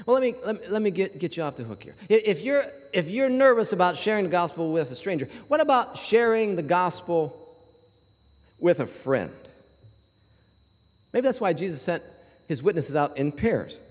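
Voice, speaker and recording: Male pastor, very high voice, animated storyteller, live sermon in an echoing hall. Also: moderate pace. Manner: animated storytelling, acts out voices in his anecdotes.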